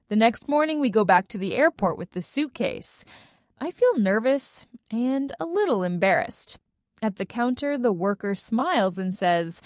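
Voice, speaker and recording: Slow, expressive woman story narrator. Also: mid-range voice, no room sound, clean studio sound. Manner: clear, carefully paced, expressive. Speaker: narrator for English learners.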